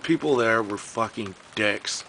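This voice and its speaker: Brief: young man, lowish voice, ranting and cursing through a casual vlog story. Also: measured pace, sharp tone, a little hiss or hum, rough recording. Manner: profane, exasperated storytelling.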